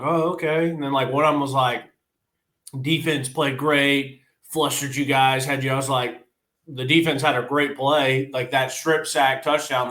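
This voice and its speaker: A man's voice: mid-range voice, a bit bright, echoey room. A man co-hosting a podcast in casual sports chat, blunt and frustrated, laughing often. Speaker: podcast co-host.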